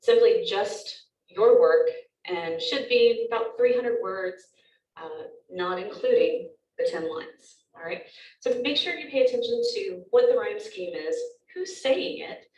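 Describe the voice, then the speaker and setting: A woman's voice: mid-range voice, normal speed, darkish tone, distant mic, highs cut off. Woman lecturing in an echoey room. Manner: explanatory, with frequent ums. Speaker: teacher. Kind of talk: recorded lecture.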